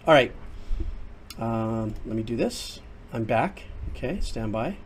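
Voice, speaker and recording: Older guy on a headset streaming a game, chatty and excitable, lots of exclaiming, normal pitch. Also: slow, a little hiss or hum. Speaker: streamer and composer. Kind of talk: casual livestream commentary.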